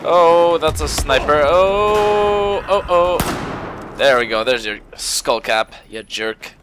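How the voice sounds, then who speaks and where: Commentating on a game, a man mutters quietly to himself, then swears and yelps excitedly when something sudden happens. His voice is a little high and slow, with music and faint game gunfire behind him.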